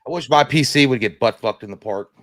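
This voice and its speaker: Fast-talking, foul-mouthed male co-host. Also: medium pitch, heavy background noise. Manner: fast, profane, exasperated ranting. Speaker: podcast co-host. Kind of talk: casual live chat, venting.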